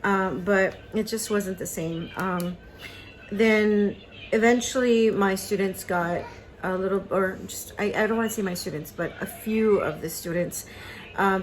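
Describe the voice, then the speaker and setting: A woman's voice: fairly low pitch, rough recording. A woman in her thirties telling a painful personal story in a vlog, hesitant, with many fillers and restarts, and choked up at times. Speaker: craft vlogger. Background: cartoon on TV in the background.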